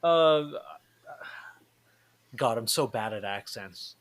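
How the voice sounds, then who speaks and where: Blunt, swearing podcast host. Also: male voice, mid-range voice, lively intonation, takes it slowly, over a noisy crowd. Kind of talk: casual chat.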